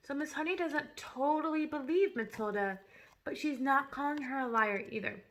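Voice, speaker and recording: Bright-voiced woman reading aloud. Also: sits high, normal speed, slight background noise. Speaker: storybook reader. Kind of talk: reading a children's novel aloud.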